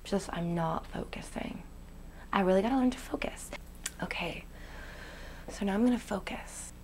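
A woman, playing a naive young aspiring actress who rambles with "like" fillers, swinging between hushed whispers and excited outbursts in a comedic web series monologue. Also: medium pitch, normal speed, natural voice. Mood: rambling. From Canada. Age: 20s. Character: ditzy, daydreaming young woman, dreamy and naive.

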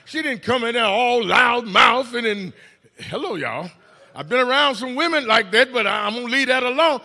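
A man preaching a Mother's Day sermon in church, shouting in bursts, stammering on repeated words and calling out to the congregation. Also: extremely high pitch, expressive, moderate pace. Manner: calls "hello, somebody" to the congregation. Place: church sanctuary.

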